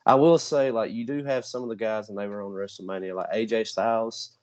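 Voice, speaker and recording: Male podcast host, lowish voice, relaxed chatty delivery, dull lo-fi audio. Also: a little fast. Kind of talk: casual chat.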